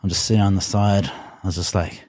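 A man, a strongman telling his competition story in an interview, animated and swearing often. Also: low-pitched, brisk, no room sound, studio quality. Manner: animated, swears often, acts out his own past thoughts. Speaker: guest, strongman athlete.

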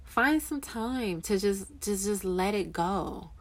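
Speaking slowly and expressively in a medium-pitched voice, a young Christian woman encourages waiting spouses in their faith. Her tone is casual and earnest, and she wanders a bit, correcting herself along the way.

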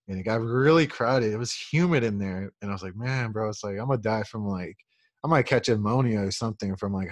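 A man's voice: fairly low pitch, dry recording, studio quality. A young man from Oklahoma, co-hosting a podcast and telling a long, rambling story full of swearing and acted-out quotes. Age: young adult. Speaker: podcast co-host. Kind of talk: casual storytelling.

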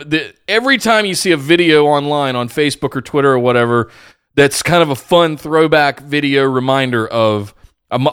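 Male co-host, smooth resonant voice, thoughtful delivery, dry close recording. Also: medium pitch, fairly bright tone, no echo. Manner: reflective, searching for words. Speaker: podcast co-host. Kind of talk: casual wrestling chat.

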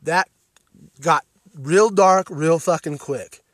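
A man's voice: on the high side, slow, dry recording, clean studio sound. A man hosting a podcast, giving a blunt film review full of profanity and emphatic restarts. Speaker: podcast host reviewing films.

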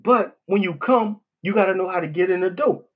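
Husky blunt New Orleans man ranting. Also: sits high, fairly quick, narrow, tinny audio. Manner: blunt, profane, rambling with many "you know what I'm saying". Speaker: podcast host. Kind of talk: casual monologue.

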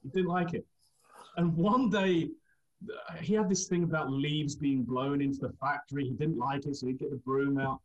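A man's voice: on the high side, fairly even intonation, normal speed, lo-fi sound. A man from England, telling rambling anecdotes in a casual chat and laughing through them.

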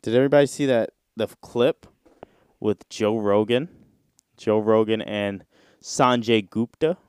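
Slangy young-sounding podcast host, smooth and dry. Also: male voice, on the low side, unhurried, darkish tone, no echo. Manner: loose, slangy, rambling with frequent "bro". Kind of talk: casual solo podcast chat.

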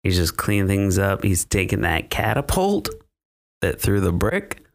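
A man's voice: low voice, sing-song, a little slow. A man recapping a film plot on a podcast in a rambling, profane, casual way, with frequent laughter and fillers. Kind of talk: casual chat.

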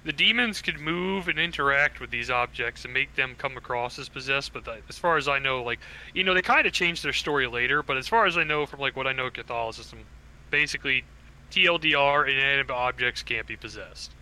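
Young guy hosting a group chat, super bright sharp voice, swears, trips over his words. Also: mid-range voice, fairly quick, poor audio. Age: young adult. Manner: swearing, joking, stammering restarts.

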